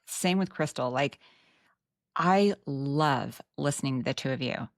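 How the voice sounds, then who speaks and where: A woman's voice: rumbling low, a little slow, no room sound, clean studio sound. A woman with a Texan accent hosting a podcast chat, earnest and reflective with frank asides. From Texas. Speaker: podcast host. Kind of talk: casual podcast conversation.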